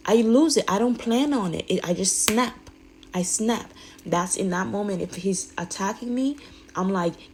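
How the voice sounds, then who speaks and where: A woman's voice: medium pitch, moderate pace, vocal fry, a little hiss or hum, poor audio. A woman speaking candidly in a rambling, emphatic way, often restarting her sentences. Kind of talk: candid personal monologue.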